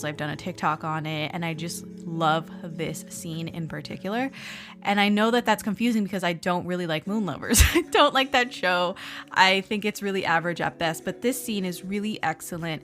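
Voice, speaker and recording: A woman's voice: on the low side, a bit bright. A woman hosting a solo podcast countdown, chatting casually and enthusiastically, laughing often as she gushes. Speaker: podcast host.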